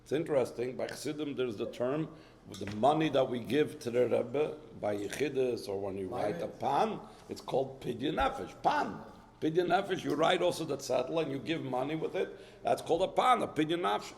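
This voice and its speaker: A man's voice: mid-range voice, lively intonation, fairly quick, vocal fry, big-room sound. A man teaching a Hasidic text in a lecture, reading Hebrew source lines, explaining them in English and posing rhetorical questions. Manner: poses rhetorical questions, with frequent restarts. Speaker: Torah teacher.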